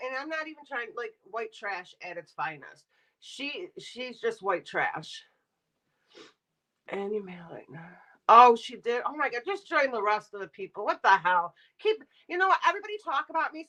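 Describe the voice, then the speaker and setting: A woman's voice: a little high, bright, forceful tone, low-quality recording. A middle-aged woman streaming live, ranting bluntly and sarcastically while talking to her chat. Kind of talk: casual livestream rant.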